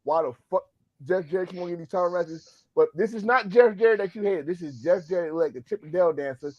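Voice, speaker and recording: A man's voice: sits high, quick pace, darkish tone, dry recording. A man co-hosting a podcast, telling things in an emphatic, joking and profane way. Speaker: podcast co-host. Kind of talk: casual chat about pro wrestling. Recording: dull, lo-fi sound.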